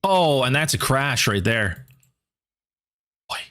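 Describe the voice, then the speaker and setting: A man streaming a game and chatting casually with viewers, rambling and repeating words as he thinks aloud, his voice going hoarse. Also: mid-range voice, very animated, slow, fairly bright tone. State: losing his voice.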